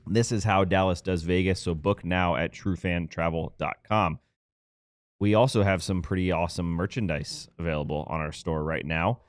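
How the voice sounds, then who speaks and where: A man's voice: low-pitched, moderate pace, no echo, studio quality. A man co-hosting a sports podcast, reading sponsor promos in a loose, joking way. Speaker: podcast co-host reading ads. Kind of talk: casual podcast chat and ad read.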